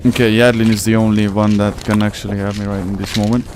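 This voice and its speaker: A man's voice: on the low side, level tone, quick pace, a little mellow. Streamer guy rambling to chat while he plays, non-native accent, bit of faint noise behind. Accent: non-native English. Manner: chatty, rambling, slangy, talks to chat. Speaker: gaming streamer. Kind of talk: casual live gameplay commentary.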